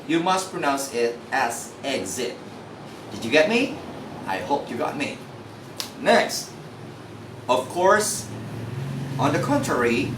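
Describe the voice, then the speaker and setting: Slow, roomy-sounding Filipino man teaching. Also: a little high, fairly bright tone. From Philippines. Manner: spells words letter by letter and repeats model pronunciations. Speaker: English pronunciation teacher. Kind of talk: recorded tutorial lesson. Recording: roomy, distant mic with faint noise.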